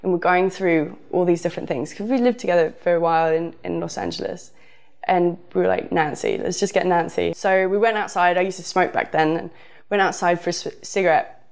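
A woman's voice: lowish voice, steady tone, brisk, gravelly, darkish tone. A woman with a southern English accent telling a casual personal story, rambling with frequent fillers. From southern England.

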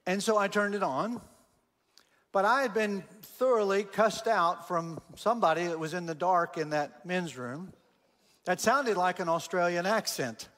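A man's voice: high voice, a little slow, big-room sound. A man giving a sermon as a guest speaker, telling stories animatedly and acting out the quotes. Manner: animated storyteller, acts out quotes. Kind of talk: sermon storytelling.

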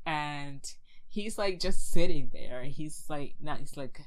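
A woman's voice: sits low, slow, poor audio. A woman casually recapping a TV show, telling it with lots of fillers and acting out the characters' lines. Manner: animated storytelling with many fillers, acting out quotes. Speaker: podcast co-host recapping a show. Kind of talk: casual chat.

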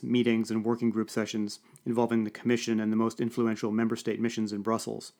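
A man reading a novel aloud in a dry, even first-person narration. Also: mid-range voice. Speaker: audiobook reader. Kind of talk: scripted narration.

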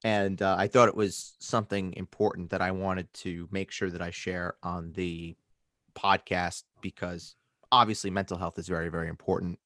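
A man hosting a casual podcast, an animated storyteller who swears freely. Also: low-pitched, normal speed, dry recording, clean studio sound. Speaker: podcast host.

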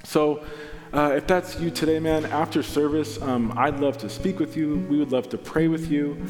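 A young man delivers a sermon as a pastor, earnest and personal, slipping into the voices of the people in his stories. His voice rings out into a large church hall with a long reverb. A soft plucked guitar plays quietly behind him. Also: on the high side, steady tone, moderate pace. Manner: earnest, storytelling with acted-out quotes. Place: church auditorium. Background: soft guitar music.

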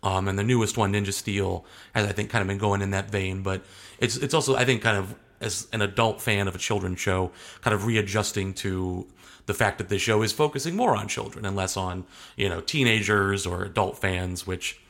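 A man's voice: on the low side, fairly even intonation, brisk, a bit bright. A young adult man talking casually as an interview guest, rambling and hesitant, often restarting his sentences.

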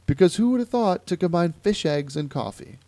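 Animated young man from Ohio with a gravelly voice. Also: on the high side, a little fast, no echo. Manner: animated storytelling with quoted voices. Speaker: podcast host. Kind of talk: casual chat.

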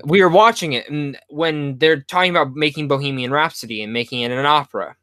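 A young man hosting a casual movie podcast, telling animated stories with lots of stammers and restarts. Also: fairly high pitch, brisk, clear, resonant tone, dry recording. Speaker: podcast host.

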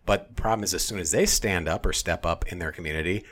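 Blunt, profane man with a low voice. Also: quick pace, a bit bright. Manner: blunt, profane and heated, with frequent restarts. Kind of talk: casual opinionated chat.

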